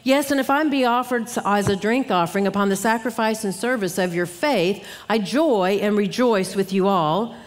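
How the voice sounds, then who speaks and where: A woman's voice: medium pitch, normal speed, few pauses. A middle-aged woman giving an earnest Bible teaching talk at a conference, acting out grumbling asides as she goes. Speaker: conference speaker. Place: church hall. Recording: long hall reverb.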